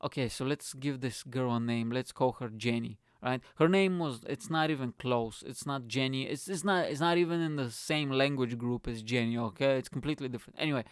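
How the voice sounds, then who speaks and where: A young man, a comedian hosting his own podcast, telling a story in a rambling, swearing way and acting out his friends' lines in higher voices. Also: fairly quick, hardly any pauses, clear, resonant tone, dry recording, clean studio sound. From not from the UK, moved there at 21. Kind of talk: casual storytelling monologue.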